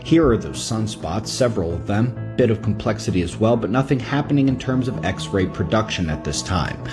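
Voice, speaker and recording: A man hosting a calm, scripted science news report. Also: lowish voice, normal speed. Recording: music bed behind.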